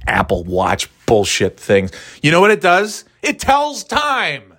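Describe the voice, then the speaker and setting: A man's voice: a little high, wildly swooping pitch, unhurried, fairly bright tone, no echo. Profane, sarcastic man on a dry mic. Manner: frequent restarts and stumbles. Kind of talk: rambling casual rant.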